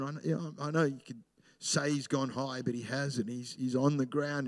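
A man's voice: medium pitch, fairly even intonation, normal speed. Man preaching a sermon. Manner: conversational preaching, swings between loud emphasis and hushed storytelling. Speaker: pastor.

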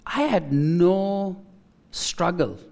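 A man preaching a personal testimony, emotional and halting, repeating his phrases and restarting as he speaks. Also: high-pitched, animated, a little mellow.

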